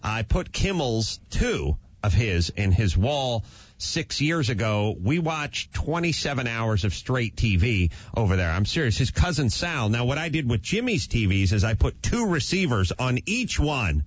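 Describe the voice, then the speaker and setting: A man's voice: mid-range voice, big pitch swings, unhurried, slightly rough, no echo. Man, radio show host, playful crude joker, close dry mic, muffled broadcast quality. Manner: joking, riffs on crude gags. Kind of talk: casual radio banter. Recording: dull lo-fi radio sound.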